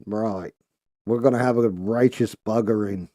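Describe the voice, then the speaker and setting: A man's voice: on the low side, fairly even intonation, a little slow, mellow, close to an everyday voice. A man voicing a crude mock-government agent, leering and mocking.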